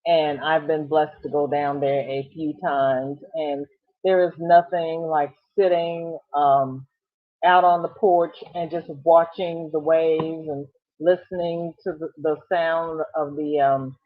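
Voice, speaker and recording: A woman's voice: sits low, steady tone, takes it slowly. A middle-aged woman hosting a crochet livestream, chatting casually and exclaiming as she reads viewers' comments aloud. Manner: chatty, exclaiming, warm fussing over viewers. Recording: thin phone-like sound.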